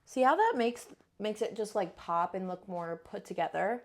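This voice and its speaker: A woman's voice: medium pitch, lively intonation, normal speed, a little mellow. A young woman chatting casually through a makeup tutorial at home, playful and slangy, self-deprecating, full of "like" and "um". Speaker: makeup vlogger.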